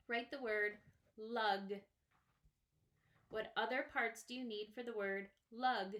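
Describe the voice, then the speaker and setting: A woman's voice: a little high, fairly bright tone. A woman teaching first graders phonics, patiently sounding out and stretching each word part. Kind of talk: slow, clearly sounded-out phonics lesson. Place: classroom or home, writing on a small board.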